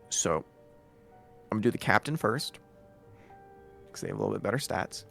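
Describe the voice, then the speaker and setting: A man running a tabletop game as game master, narrating casually with halting fillers. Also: lowish voice, expressive, gravelly, a bit bright, faint music behind.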